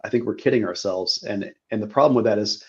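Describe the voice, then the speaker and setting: Low-voiced man explaining in a muffled recording. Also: darkish tone. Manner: measured, explanatory, repeats words. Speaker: guest. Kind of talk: analytical interview talk.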